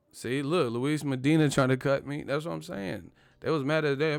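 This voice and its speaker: A man's voice: mid-range voice, normal speed, vocal fry, few pauses, clear, resonant tone, no echo, soft background music. A man hosting a boxing channel, ranting in casual live-stream commentary with lots of slang and profanity. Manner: animated, profane, slangy rant.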